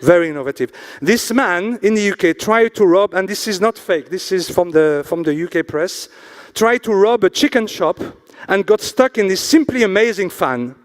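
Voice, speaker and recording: High pitched guy emceeing awards, joking around, reading out sponsor names slow. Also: expressive. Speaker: awards ceremony host. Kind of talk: emcee announcing and joking on stage. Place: hotel event hall.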